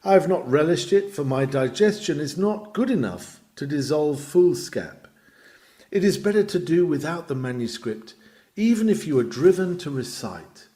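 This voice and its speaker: Expressive man reading old preaching advice. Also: a little high, normal speed. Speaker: reader. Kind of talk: reading a Victorian lecture on preaching aloud.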